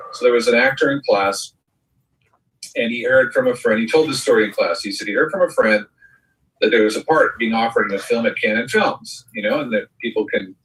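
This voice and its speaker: A man's voice: lowish voice, a bit bright. A middle-aged man co-hosting a chat show, telling rambling anecdotes and mimicking the people he quotes. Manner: rambling storyteller who mimics voices in quotes. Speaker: co-host. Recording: voice a bit far from the mic.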